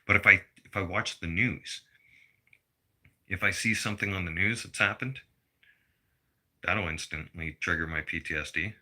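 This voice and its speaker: A middle-aged man vents to his viewers in a blunt, profane rant. His voice sits low yet cuts through with a sharp, very bright edge. He talks like he is lecturing, plain and unpolished. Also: normal speed, pauses often. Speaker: vlogger. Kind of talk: personal rant to camera.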